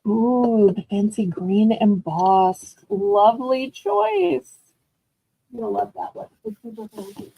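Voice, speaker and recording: A woman's voice: mid-range voice, lively intonation, takes it slowly, vocal fry, husky, no echo, highs cut off. A woman hosting a live online auction, chatting in a gushing, upbeat way as she shows items. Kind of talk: live selling stream chat.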